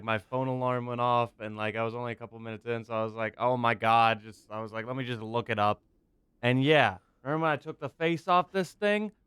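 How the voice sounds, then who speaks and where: A man's voice: medium pitch, clear, resonant tone. A young man rambling through a let's play, self-mocking and swearing as he gets lost. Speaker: gaming YouTuber. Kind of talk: casual let's play commentary.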